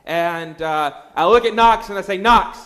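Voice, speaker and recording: High-voiced pastor telling a family story. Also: male voice, measured pace, a bit bright. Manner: storytelling, chatty, frequent fillers and restarts. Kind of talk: sermon with personal story.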